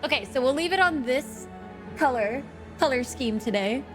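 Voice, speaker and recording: A woman's voice: high voice, expressive, moderate pace, loud music behind the voice. A woman streaming live, chatting with her viewers in a playful way, swearing freely and laughing often.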